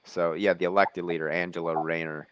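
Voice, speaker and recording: A man's voice: low-pitched, level tone, a little fast, no echo. A male host asking polite, hesitant interview questions with many fillers.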